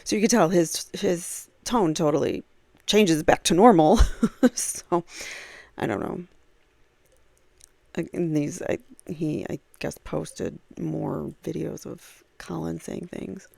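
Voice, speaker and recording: A woman's voice: sits low, lively intonation, takes it slowly, gravelly, darkish tone, dry recording. A woman commenting on a true crime case, reading aloud from a blog with frequent fillers and casual asides.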